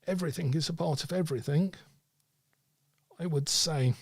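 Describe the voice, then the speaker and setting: A man teaching tarot reading, speaking in a measured, explanatory way. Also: fairly high pitch, creaky, breathy edge, dry recording. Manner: measured, explanatory, acts out client dialogue. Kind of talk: teaching talk with acted examples.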